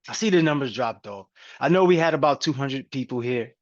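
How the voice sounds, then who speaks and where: Upbeat coach calling out names. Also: male voice, mid-range voice, fairly quick. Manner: energetic, repetitive shout-outs. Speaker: coach hosting a group call. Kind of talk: upbeat live-call hosting. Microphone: video call. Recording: dull, lo-fi call audio.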